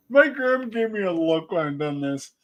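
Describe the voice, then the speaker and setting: A man's voice: sits high, a bit bright, no room sound, muffled recording. A man from New England with a Boston accent, chatting casually as a livestream guest, laughing often and swearing freely. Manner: laughing, profane storytelling. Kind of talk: casual chat.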